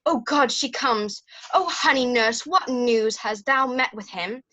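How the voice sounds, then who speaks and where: A woman's voice: on the high side, a little slow, pushed and bright, highs cut off. A woman acting a young, impatient, lovesick Juliet in an amateur Shakespeare reading, pleading and delivering the verse eagerly over a video call. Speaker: actor in an online Shakespeare reading. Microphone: video call microphone.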